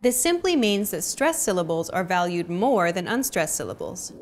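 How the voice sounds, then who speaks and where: A woman's voice: lowish voice, big pitch swings, moderate pace. A woman hosting a language lesson, reading a scripted explanation and cheering learners on with short prompts. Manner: bright, encouraging teacher prompts.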